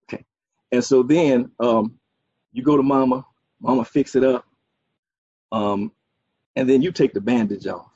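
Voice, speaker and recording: A man's voice: medium pitch, a little slow, long pauses, warm tone, breathy edge, no room sound. A man preaching a sermon, using folksy asides and a string of "okay"s. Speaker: pastor. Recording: dull, dry, muffled sound.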